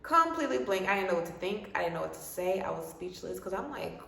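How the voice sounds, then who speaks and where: A young woman talking to camera at home, spinning a personal story with slangy, animated chatter and acting out each side of her phone calls. Her voice rings around a roomy space, picked up from some way off the mic. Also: medium pitch, quick pace, vocal fry. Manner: chatty, expressive, slangy, acts out both sides of phone calls. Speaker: vlogger. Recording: roomy sound from a distant mic.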